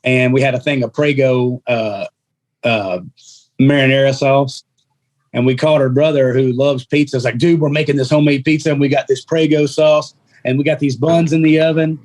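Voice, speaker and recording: Man, podcast guest, casual storytelling, animated, acts out quotes, mid-range voice. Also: mid-range voice, moderate pace.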